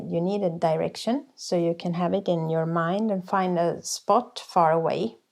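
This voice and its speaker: Woman vocal coach, unhurried and patient teaching delivery. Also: fairly low pitch, creaky. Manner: slow, patient explaining with sung and barked demonstrations. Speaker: folk singer and vocal coach. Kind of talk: workshop teaching.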